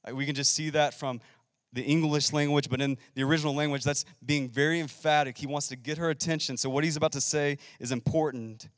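A man preaching a sermon, emphatic, swinging between loud and hushed. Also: a little high, steady tone, brisk, no room sound, studio quality, in a large hall. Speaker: pastor.

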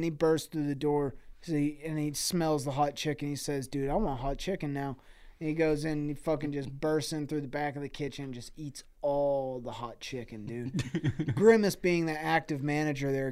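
A man spinning a wild improvised story on a comedy podcast, loose and full of slang and swearing. His voice sits a touch high and comes through smooth and clean. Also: darkish tone. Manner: loose, profane, slangy riffing. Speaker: podcast co-host.

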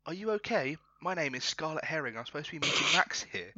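Gentle, concerned young woman, as a man puts her on, high and bright, on a dull, dry recording. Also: animated, fast, dry recording, full character voice. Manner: soft, breathy falsetto.

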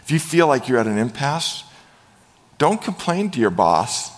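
A middle-aged man preaching a sermon as a pastor, telling stories with lively animation and acting out quoted voices. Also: medium pitch, moderate pace, long reverb tail.

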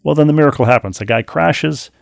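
A man co-hosting a podcast, reading listener mail aloud and then telling a story in a wry, animated way, with frequent restarts, on a close studio mic. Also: fairly high pitch, fast talker, gravelly, no echo. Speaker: podcast co-host.

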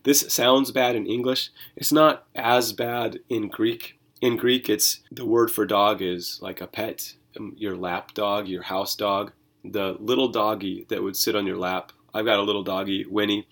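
With a fairly low pitch and a slightly slow delivery, a man who pastors hosts a Bible reading podcast. He discusses scripture in an animated, chatty manner full of rhetorical questions.

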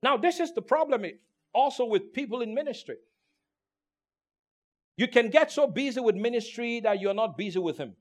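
A man preaching a sermon as pastor. He is emphatic, calls out for responses from the congregation, and swings from hushed to loud delivery. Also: very high-pitched, lively intonation, normal speed, long pauses. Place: church in Turkey.

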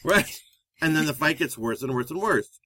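A fairly high-voiced man talks through relationship advice as a therapist and co-host. He explains steadily and turns to the audience with questions. The sound is close and dry, with no room around it. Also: normal speed, no room sound. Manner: steady, explanatory, addresses listeners directly. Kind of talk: conversational relationship advice show.

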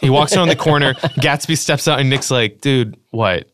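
A man chatting casually in a book-club podcast as the guest, animated and profane, acting out quotes as he goes. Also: fairly high pitch, a little fast, no echo, studio quality. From lives in Los Angeles.

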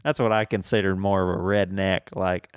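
A man's voice: low voice, steady tone, normal speed, clear, resonant tone, no room sound, studio quality. A young man from Kansas hosting a podcast, chatting casually in a rambling way with lots of fillers and laughs. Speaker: podcast host.

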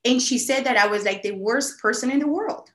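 A woman telling a story casually on a podcast, animated and full of "like" fillers. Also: fairly high pitch, a little fast. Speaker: podcast guest. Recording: echoey room.

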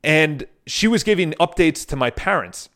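A man with a somewhat high voice talks straight to his viewers in a casual motivational monologue. He tells stories loosely, restarting often and dropping in the odd swear word. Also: animated, normal speed, a bit bright. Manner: addresses viewers directly. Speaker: motivational speaker.

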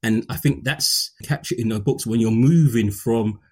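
A man's voice: mid-range voice, normal speed. A man from London with a London accent, talking passionately and preachily as a guest author, using casual slang. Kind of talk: animated conversational discussion.

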